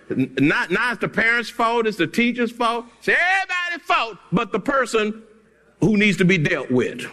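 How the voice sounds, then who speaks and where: Male pastor, high voice, big swings; emphatic preacher who shouts and chuckles. Church reverb. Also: big pitch swings, measured pace. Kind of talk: sermon. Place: church sanctuary.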